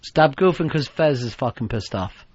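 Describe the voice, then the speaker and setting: A man's voice: mid-range voice, animated, moderate pace, breathy edge, dry recording. A man hosting a radio talk show, blustering and mock-threatening, swearing freely. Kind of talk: profane radio banter. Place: radio studio. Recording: dull archival satellite radio broadcast.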